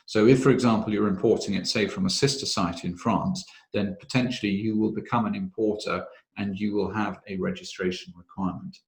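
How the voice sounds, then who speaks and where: Low-voiced man explaining regulations. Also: fairly even intonation, creaky, reverberant. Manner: measured, methodical, frequent "uh" fillers. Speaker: webinar presenter on health and safety law. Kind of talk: explanatory webinar talk.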